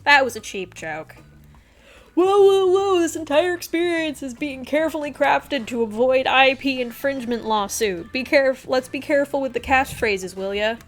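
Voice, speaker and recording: A young woman streamer reading game dialogue aloud, swinging between loud outbursts and hushed storytelling. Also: sits high, moderate pace, few pauses.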